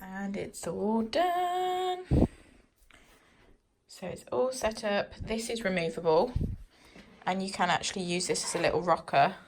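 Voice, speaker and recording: A pregnant young woman gushing excitedly through an unboxing vlog in her living room, a little out of breath. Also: fairly low pitch, normal speed, far from the mic, over music. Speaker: parenting vlogger. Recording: echoey room, camera mic away from her.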